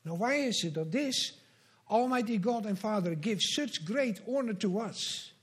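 A pastor preaching a sermon, earnest and measured, with slow emphatic repetitions. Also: male voice, high voice, expressive, fairly bright tone, husky.

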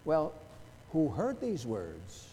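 A high-voiced man preaching in a church, his voice rising and falling dramatically from hushed to ringing. His tone is dark and mellow, and the long reverb of the sanctuary trails after every phrase. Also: huge pitch swings, takes it slowly, a little hiss or hum. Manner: emphatic, rhetorical questions, wide swings in loudness. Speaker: pastor. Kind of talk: sermon.

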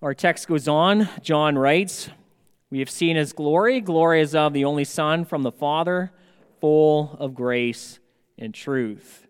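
Man, pastor, sermon, slow measured delivery, fairly high voice, long hall reverb. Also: clear, resonant tone. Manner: slow, measured preaching with emphatic rises.

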